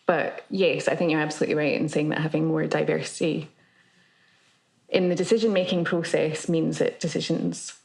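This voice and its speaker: A woman's voice: low voice, fairly even intonation, moderate pace, vocal fry, a little mellow. A woman journalist in a casual round-table chat, speaking in a thoughtful, balanced way. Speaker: newspaper journalist. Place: kitchen table.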